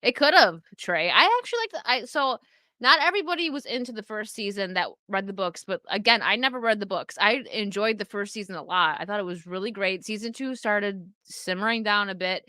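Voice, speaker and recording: A woman's voice: medium pitch, bright, forceful tone, no room sound. A young adult woman casually chatting on a live stream, reading and answering viewer comments with lots of fillers.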